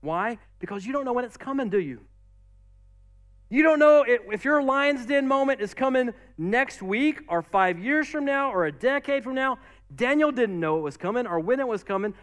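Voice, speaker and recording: A man preaching a sermon as pastor, lively and casual, acting out quotes and asides. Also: high-pitched.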